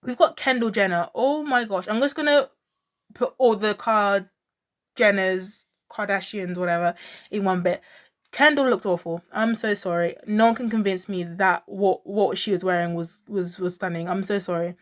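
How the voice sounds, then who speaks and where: Speaking at a moderate pace with a medium-pitched voice, this pop culture vlogger talks fashion straight to camera. She's chatty and full of opinions, with plenty of filler words and effusive exclamations.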